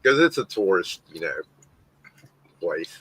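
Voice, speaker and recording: A man's voice: sits low, sing-song, a little slow, fairly bright tone, a little hiss or hum, rough recording. A man chatting casually on a stream, laid-back and telling travel anecdotes. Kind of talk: casual chat.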